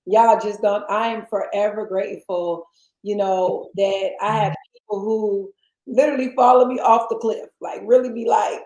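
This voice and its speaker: A woman hosting a casual motivational interview, talking in an animated way and jumping into high playful voices when she quotes others. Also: normal speed. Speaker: interview host. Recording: roomy echoey sound.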